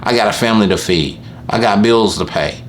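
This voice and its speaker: Man, very low voice, lawn care owner, casual rambling anecdote, faint background hiss. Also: fairly quick. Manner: rambling anecdote, often repeats "I said". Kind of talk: casual storytelling to camera.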